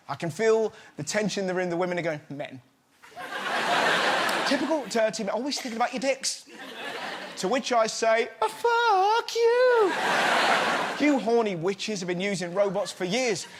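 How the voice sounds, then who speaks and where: A British man doing stand-up comedy as host, brash and mocking, before a live studio audience. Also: high voice. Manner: brash, mocking, puts on silly voices. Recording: loud crowd and room noise.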